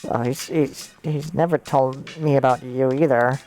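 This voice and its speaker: A woman's voice: a bass voice, steady tone, a little slow, warm tone, a little hiss or hum. A woman streamer playing a video game, reading the dialogue aloud in a casual way with puzzled asides. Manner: reacts with confused asides between read lines. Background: game music.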